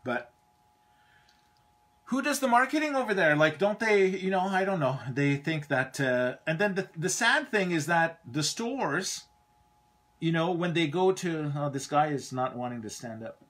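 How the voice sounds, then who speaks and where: Canadian man, live-stream toy host, bright forceful voice, loose rambling delivery. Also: fairly high pitch, lively intonation, a little slow. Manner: rambling, chatty, trails off mid-thought. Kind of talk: casual live-stream chat.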